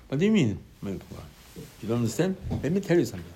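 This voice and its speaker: Animated man teaching a Torah sermon. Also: mid-range voice, rapid-fire. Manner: animated, asks and answers his own questions; sudden loud emphasis on key lines.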